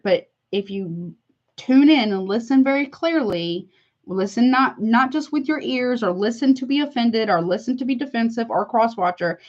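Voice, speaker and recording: Chatty woman tarot reader, dull audio. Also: fairly high pitch. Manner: chatty, heartfelt, calls listeners honey. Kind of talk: casual tarot reading to viewers.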